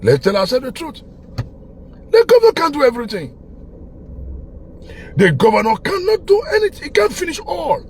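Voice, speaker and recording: An online commentator, a Nigerian man with a Pidgin-tinged accent, delivers a passionate, preachy political monologue packed with repetition, breaking into laughter and shouting. His voice is extremely high and swoops wildly in pitch, moving at a moderate pace with frequent pauses. A faint hiss or hum sits under the recording.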